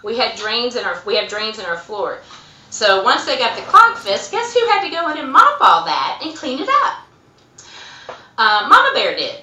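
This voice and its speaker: Middle-aged clinic boss, bright tone, lively storyteller, roomy echo. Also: female voice, on the high side, normal speed. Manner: animated storyteller, acts out quotes. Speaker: urgent care center administrator, guest. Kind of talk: casual interview chat.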